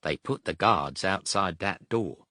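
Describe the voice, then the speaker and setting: A man's voice: low-pitched, expressive, measured pace, pushed and bright, no room sound, clean studio sound, full character voice. A man voicing a bitter young wounded pilot with a London accent, clipped and terse.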